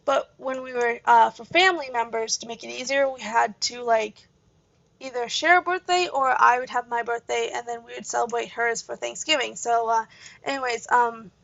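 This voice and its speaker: A young Canadian woman with a slightly high, creaky, fairly bright voice rambles at a moderate pace through a casual story while playing a game on her gaming channel, full of fillers, asides and side tangents. The recording is dry, from a dull lo-fi home mic.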